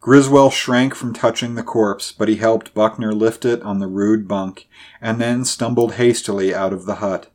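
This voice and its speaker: A male narrator reading a horror story aloud. His delivery is measured and dramatic, and his voice sits fairly low. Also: steady tone, darkish tone. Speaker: audiobook narrator. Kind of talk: scripted narration.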